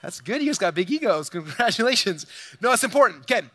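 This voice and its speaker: A man giving an energetic seminar talk to a large audience, animated and boastful as he speaks straight to the crowd. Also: high voice, fast. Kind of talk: energetic stage presentation.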